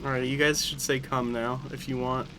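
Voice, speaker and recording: A man's voice: medium pitch, flat delivery, moderate pace, background noise. A man streaming a video game, chatting casually in rambling, giggly stories full of swearing. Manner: rambling, giggly, profane storytelling. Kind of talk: casual gameplay commentary.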